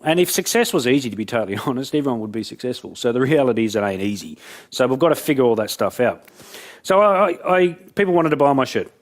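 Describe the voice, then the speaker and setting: Fast-talking brash Australian man on stage. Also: mid-range voice. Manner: brash, joking, acts out conversations. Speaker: business speaker. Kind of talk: motivational talk to a live audience. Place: event room with audience.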